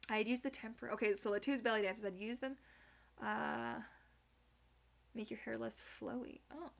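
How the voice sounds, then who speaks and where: A young woman hosting a live Q&A, chatting casually and reading viewer comments aloud with animated, giggly asides. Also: a little high, moderate pace, creaky. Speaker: livestream host answering viewer questions.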